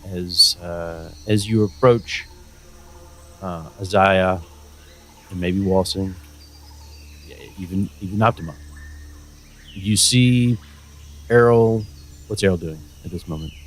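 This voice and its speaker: Man, game master, deep voice, halting narration with fillers. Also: a bit bright. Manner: hesitant, with many fillers.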